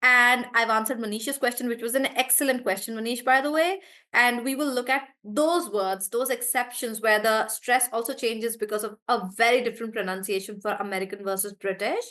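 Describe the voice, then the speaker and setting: A woman with a fairly high voice teaches English pronunciation in a live online class. She slows right down and stretches each word to show where the stress falls, then speeds back up to chat with her students, calling them by name as she answers their questions. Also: steady tone, sharp tone.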